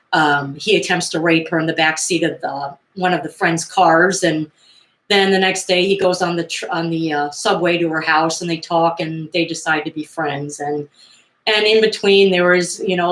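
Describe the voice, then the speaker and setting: A woman's voice: lowish voice, fairly bright tone. A woman vlogger casually retelling stories in a chatty, digressive way with frequent fillers and asides. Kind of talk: casual retelling of 1970s pop culture. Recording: roomy echo.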